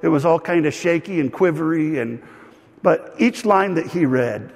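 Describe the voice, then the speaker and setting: A man preaching a sermon as pastor, telling stories with lively asides to the congregation. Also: on the high side, moderate pace, gravelly. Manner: animated storytelling with asides. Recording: long hall reverb.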